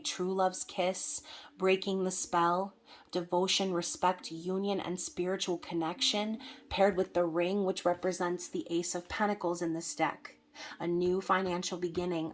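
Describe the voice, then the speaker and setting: A woman reads tarot cards for her viewers in a relaxed, chatty way, often pausing to check in with them. Her voice sits a bit low and stays fairly flat and even. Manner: chatty, frequent fillers and "okay?" check-ins. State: hiccups. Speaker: tarot reader. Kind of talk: casual tarot reading to camera.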